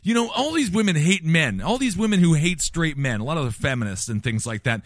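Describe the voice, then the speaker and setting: A man hosting a podcast in casual comedic chat, profane and rambling, breaking into loud mock outrage. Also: fairly high pitch, lively intonation, fairly quick, no echo, clean studio sound. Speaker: podcast host. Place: bar venue.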